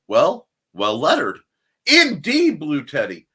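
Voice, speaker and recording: A man's voice: medium pitch, very animated, normal speed, a bit bright, slightly rough. A man hosting a casual live-stream chat show, rambling through plugs with jokey asides and self-corrections. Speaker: show host.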